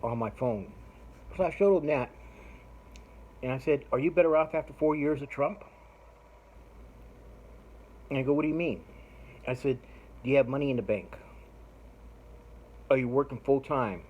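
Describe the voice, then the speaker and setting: A man's voice: mid-range voice, moderate pace, pauses often, darkish tone, poor audio. A middle-aged man hosting a podcast, telling a rambling, profane story in a casual monologue. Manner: profane, rambling, laughs while retelling. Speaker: podcast host.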